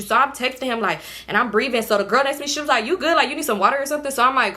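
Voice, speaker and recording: A young woman vlogger casually telling viewers a storytime, animated and slangy, indoors at home under a ring light. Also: a little high, fast talker, hardly any pauses.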